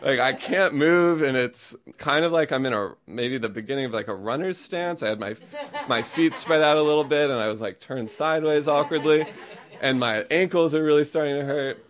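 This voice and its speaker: A man's voice: a little high, moderate pace. A man telling a personal story to a live audience, chatty and self-amused, laughing often and peppering his speech with fillers.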